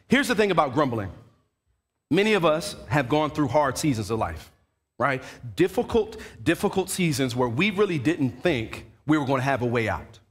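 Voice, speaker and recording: A man preaching a sermon to his congregation, his fairly high voice leaping around in lively swings. He slips into quick put-on voices of grumbling churchgoers as he goes. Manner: animated preaching, acts out quoted voices of churchgoers. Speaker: pastor. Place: church sanctuary.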